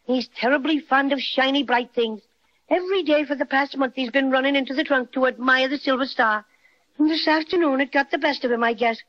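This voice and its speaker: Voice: sits high, a little fast, lightly acted. A performer voicing a small, cheerful and boastful teddy bear with an Irish accent, acting for a 1930s radio drama. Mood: helpful. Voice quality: lilting, chatty, mock-ferocious. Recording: muffled old radio recording.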